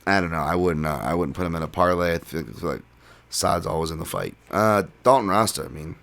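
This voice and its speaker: A man's voice: low voice, a little fast, creaky, fairly bright tone. A man hosting his own podcast, talking through fight picks alone in a loose, casual way, with frequent ums and restarts. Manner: casual, many fillers and restarts. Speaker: podcast host. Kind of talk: solo sports betting breakdown.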